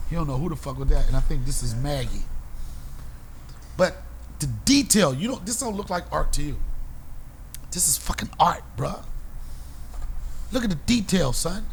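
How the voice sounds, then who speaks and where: High-voiced animated comic man storyteller. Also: normal speed, long pauses, slight background noise. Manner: animated and profane, acting out other people's voices. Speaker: podcast host. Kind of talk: comedic storytelling.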